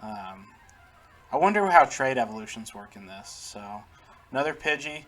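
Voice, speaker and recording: A gaming channel host gives casual let's-play commentary, chatting, laughing often, and talking to the on-screen characters. His medium-pitched voice is expressive and fairly bright, at a moderate pace.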